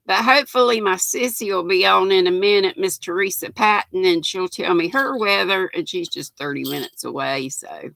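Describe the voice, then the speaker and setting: A woman's voice: medium pitch, moderate pace, creaky, hardly any pauses, fairly bright tone, dry recording. An older woman from North Carolina with a Southern accent, hosting a live stream and chatting casually with viewers, greeting them by name and laughing often. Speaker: livestream host.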